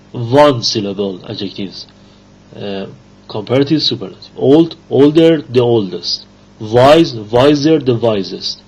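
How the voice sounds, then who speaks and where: A man teaching an English grammar lesson, reading rules and examples aloud slowly with pauses and fillers. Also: mid-range voice, slightly rough. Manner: slow, halting reading with fillers. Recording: dull lo-fi recording.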